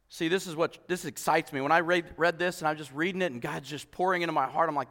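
A male pastor preaching an animated sermon, acting out voices and laughing often. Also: on the high side, normal speed, pauses often, in a large hall.

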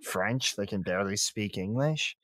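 A man's voice: on the low side, expressive, normal speed, a bit bright, no echo. A man co-hosting a podcast in casual, joking banter. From Canada. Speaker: podcast co-host. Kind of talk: casual chat.

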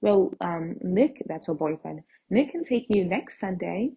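A young woman hosting a podcast, telling a casual story in an animated way and acting out the dialogue, on a dull lo-fi recording. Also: lowish voice, measured pace, vocal fry, husky. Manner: animated, acts out quoted texts and dialogue. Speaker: podcast host.

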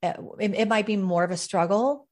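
A woman's voice: medium pitch, fairly quick. Woman, podcast host, reflective, conversational, many fillers. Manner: warm-hearted, reflective, with frequent fillers.

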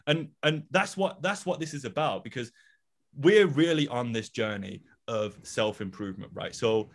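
A young man co-hosting a casual podcast, talking in an animated way and repeating words as he builds up his points. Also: mid-range voice, moderate pace. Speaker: podcast co-host.

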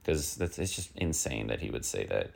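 A man with an extremely deep voice full of gravelly fry hosts his own little comic news show. He rambles along with plenty of fillers and drifts into irritable, exasperated rants. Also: sing-song, normal speed. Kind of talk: casual rambling comic monologue.

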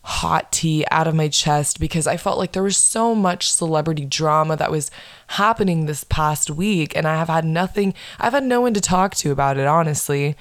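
A young woman with a low voice rants bluntly on her own podcast, swearing freely and laying on the sarcasm. The sound is close and dry, with no room around it. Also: moderate pace, no echo. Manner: blunt, profane, sarcastic ranting. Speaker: podcast host. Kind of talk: casual solo podcast rant.

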